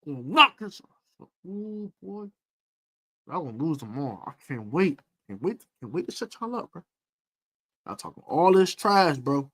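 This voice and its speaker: A man hosting a football preview, trash-talking rival fans in a boastful, animated way and repeating his taunts. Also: a little high, moderate pace. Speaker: sports podcast host.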